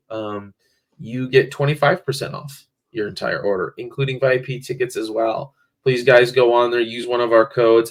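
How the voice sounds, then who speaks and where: A man co-hosting a podcast in casual chat, rambling easily with plenty of fillers. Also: mid-range voice. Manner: easygoing, rambling, many fillers. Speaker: podcast co-host.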